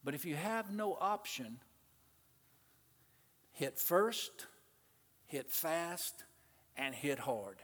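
A male preacher delivers a sermon in a church, his voice sitting a little high for a man. He surges to emphatic peaks and then pulls back to quiet asides, calling out to the congregation. The sound rings with the long reverb of a large sanctuary. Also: big pitch swings, very slow, pauses often. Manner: calls out to the congregation. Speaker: pastor.

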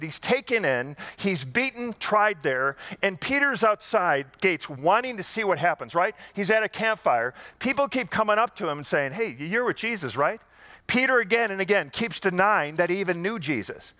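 A man's voice: high voice, pushed and bright, no room sound. A man preaching a sermon to a congregation, in a conversational style with rhetorical questions and emphatic repetition. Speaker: pastor.

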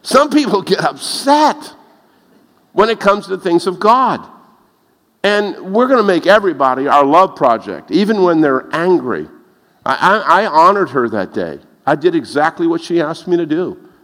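Man, preacher, high voice, animated sermon, laughs at his own jokes, long hall reverb. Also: normal speed.

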